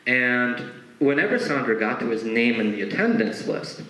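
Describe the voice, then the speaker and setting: A man's voice: medium pitch, very animated, moderate pace, pushed and bright, echoey room, rough recording. A young man from Connecticut performing musical stand-up, telling a story and acting out its characters on a stage before an audience. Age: young adult. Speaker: comedian.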